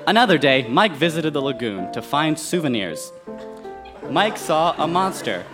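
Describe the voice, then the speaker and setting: A young man reads his childhood story to a live audience, his voice at an everyday middle pitch. He drops dry, deadpan asides as he goes. Guitar music plays behind him. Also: moderate pace. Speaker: guest reader. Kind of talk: comic reading of childhood writing on stage.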